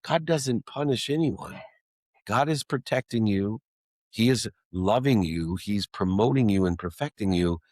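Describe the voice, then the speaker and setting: A man voicing his gentle elderly mother. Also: fairly low pitch, expressive, unhurried, no echo, clean studio sound, voice pushed up. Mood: calm, reassuring. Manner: soft, reassuring, repetitive. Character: gentle loving older mother, calm and unshaken.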